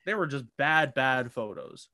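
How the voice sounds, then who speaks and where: A man's voice: mid-range voice, animated, a little slow, bright, forceful tone, dry recording. A young man co-hosting a podcast, recapping online drama in a casual, rambling way with many fillers and restarts. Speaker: podcast co-host. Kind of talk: casual chat.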